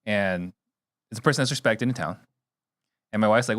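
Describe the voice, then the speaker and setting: Male podcast host, low voice, rapid casual storytelling. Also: fairly bright tone, no room sound, clean studio sound. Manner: conversational, rambling anecdote, backchannels. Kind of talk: podcast interview.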